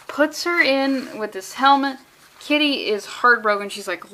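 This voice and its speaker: A woman riffing through a comic book read-along on her vlog. Her voice sits a little high, and her commentary runs sarcastic and profane, with animated tangents. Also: moderate pace.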